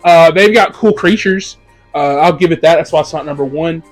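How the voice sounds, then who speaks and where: A young man with a high voice rants through his list of bad films, cursing freely and jumping between loud outbursts and muttered asides. Faint music plays under his casual talk. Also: moderate pace. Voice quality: profane, animated ranting. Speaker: movie reviewer. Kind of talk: casual ranked movie review.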